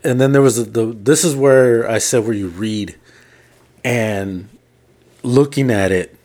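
With a medium pitch and a measured, somewhat mellow delivery, a man co-hosting a laid-back podcast recounts a lengthy story. He quotes the characters in it using his own voice.

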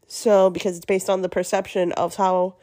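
A woman hosting a podcast alone, chatty with many fillers, her voice gravelly from being sick. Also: medium pitch, level tone, normal speed, warm tone. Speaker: podcast host. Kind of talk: podcast monologue.

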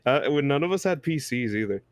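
A man's voice: mid-range voice, lively intonation, a little fast. A man co-hosting a podcast with friends over a call, crude and trading teasing insults. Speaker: podcast co-host. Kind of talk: casual chat among friends.

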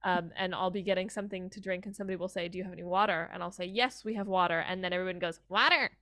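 A woman's voice: lowish voice, little pitch movement, very fast, fairly bright tone, no room sound, studio quality. Rambling young American woman. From Colorado, United States. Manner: rambling, heavy "like" fillers, acts out quoted voices. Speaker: interview guest, music student. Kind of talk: casual chat.

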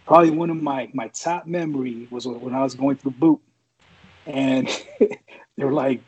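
A man who served in the Marines rambles through a war story, swearing freely, with a slightly husky voice. The audio is dull and lo-fi, like a cheap podcast recording. His tone stays laid-back and conversational. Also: mid-range voice, steady tone, measured pace, darkish tone. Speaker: former Marine guest. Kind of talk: casual storytelling chat.

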